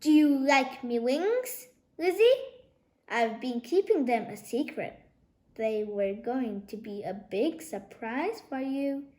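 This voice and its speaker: A woman voicing an excitable, daft grown man, boisterous and full of dialect, in an echoey room. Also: high voice, slow pace. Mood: giddy. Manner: boisterous, giddy, dialect-heavy.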